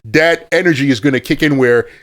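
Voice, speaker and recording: A man's voice: mid-range voice, fairly quick. A man co-hosting a podcast in casual chat, insistent and emphatic, laughing often and using street slang. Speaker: podcast co-host.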